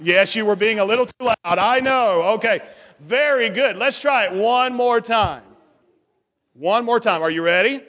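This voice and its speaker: A man's voice: sits high, moderate pace, fairly bright tone. A man leading a children's sermon in a church, coaxing and playful with the kids. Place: church sanctuary. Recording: long church reverb.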